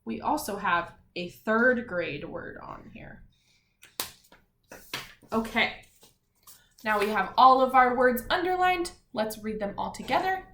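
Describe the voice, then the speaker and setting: A woman teaching a lesson to young children, patient and clear, sounding out letters and words one by one. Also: fairly high pitch, fairly bright tone. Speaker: elementary school teacher. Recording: roomy echo, faint background noise.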